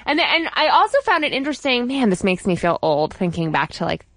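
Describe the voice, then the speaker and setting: Animated, opinionated woman podcast host. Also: on the high side, brisk, dry recording. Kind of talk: casual chat.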